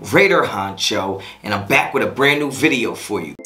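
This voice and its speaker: A man's voice: mid-range voice, expressive, a little fast, music in the background. A man hosting his own sports fan channel, ranting in a casual reaction vlog, frustrated and repetitive with lots of slang.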